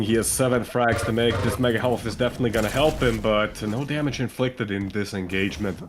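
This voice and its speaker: A man from Latvia doing steady, analytical play-by-play commentary on an esports match, with plenty of fillers. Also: lowish voice, background noise. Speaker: esports caster.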